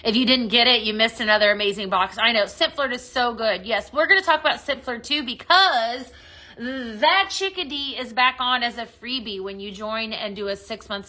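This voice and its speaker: A woman's voice: on the high side, bright, forceful tone. A woman hosting a chatty live shopping stream, bubbly and upbeat as she demos products and greets viewers by name.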